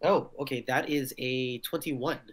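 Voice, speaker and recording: A man playing a tabletop game, chatting in a playful, animated way. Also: mid-range voice, a little slow. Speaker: player. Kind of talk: casual tabletop game chat.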